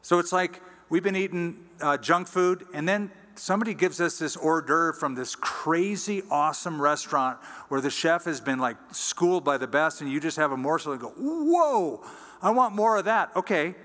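A man preaching a sermon as pastor, teaching in a conversational way and reading scripture aloud slowly. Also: fairly high pitch, pushed and bright, big-room sound. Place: church sanctuary.

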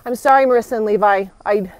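A woman's voice: mid-range voice, fast talker, a little mellow, no echo, low-quality recording. A young woman livestreaming on her phone outdoors, agitated and indignant, hurrying along and repeating herself. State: hurried, walking outdoors. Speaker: citizen livestreamer. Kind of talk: live phone stream. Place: outdoors near a courthouse. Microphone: phone held in hand.

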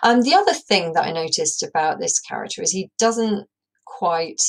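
A woman with a fairly low speaking voice teaches a recorded English lesson. She explains the characters patiently and works her ideas out aloud for her students. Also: expressive, normal speed, low-quality recording.

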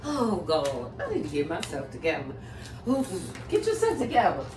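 A woman's voice: on the low side, huge pitch swings, brisk. Woman tarot reader, dramatic and rambling; distant mic in an echoey room, faint music underneath. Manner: dramatic, rambling asides, exclamations. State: shaken, catching her breath. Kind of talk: casual spoken tarot reading. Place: home room.

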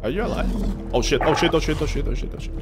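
A young man giving jokey, excitable commentary while playing a game, swearing and reacting loudly. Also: on the high side, very fast. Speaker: gaming streamer. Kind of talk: let's play commentary. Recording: music playing behind.

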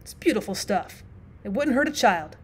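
A woman's voice: mid-range voice, very animated, moderate pace, breathy edge. A woman reading the lines of a hearty, self-assured older businessman in a bluff, jovial manner.

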